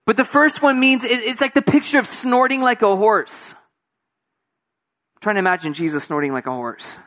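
A male pastor with a high voice preaches expressively. He shifts from quiet, intimate moments to raised emphasis and drops in casual, conversational asides. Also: normal speed. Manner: expressive, swings from soft hushed passages to raised emphatic preaching; conversational asides, acts out voices of people in the story. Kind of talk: sermon.

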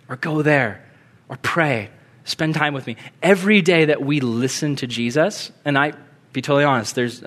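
Earnest male pastor preaching. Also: a little high. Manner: earnest, conversational, with emphatic swells and hushed prayer. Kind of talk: sermon.

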